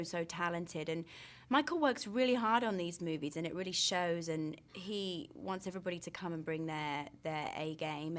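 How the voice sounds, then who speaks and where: A woman speaking as an actress in a film press interview, recounting things with gushing enthusiasm. Her voice sits a little lower than most women's. She talks in an eager, wholehearted way throughout.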